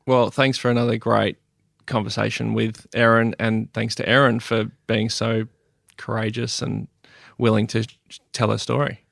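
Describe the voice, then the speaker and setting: A man's voice: on the low side, level tone, normal speed, vocal fry, dry recording, clean studio sound. A man co-hosting a podcast, teasing and jokey in casual chat. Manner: teasing and jokey, laughs a lot. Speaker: podcast co-host.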